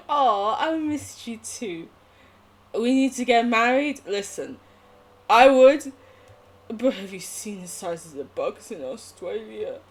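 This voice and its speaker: A woman's voice: on the high side, expressive, extremely slow, pauses often. A young woman streaming a game, chatting casually with viewers, giggling and swearing. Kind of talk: casual live gameplay chat.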